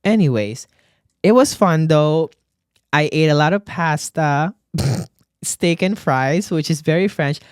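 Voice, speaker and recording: Speaking slowly and expressively in a clean, slightly high voice with no echo, this man chats casually and alone on the podcast he hosts. A nurse by trade, he gossips from the studio with plenty of sass, calling his audience bestie and baby.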